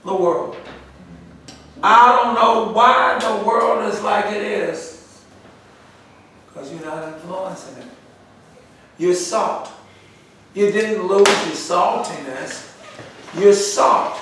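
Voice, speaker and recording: A high-voiced man teaches a church Bible study at an unhurried pace, drilling his listeners with questions and repeated words. He is heard from a distance in a very echoey room with faint background noise. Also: pushed and bright. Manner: call-and-response questioning, repetitive emphasis.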